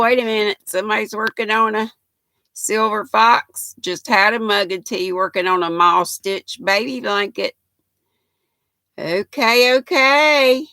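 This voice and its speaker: A woman's voice: medium pitch, bright, forceful tone, dry recording. An older woman, chatting folksily with viewers and reading their comments on a knitting livestream, laughing often. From United States.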